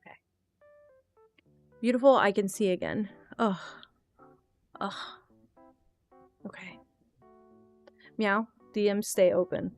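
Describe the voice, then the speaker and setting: A young woman with a clean, medium-pitched voice talks casually while streaming a game. Her chat is candid and rambling, mixing thinking aloud with answers to chat, over faint guitar music.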